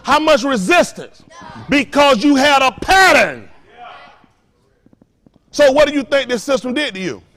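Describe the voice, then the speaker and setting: Male pastor, high voice, preaching, call-and-response, rhetorical questions, loud-soft swings. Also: expressive, unhurried, pauses often.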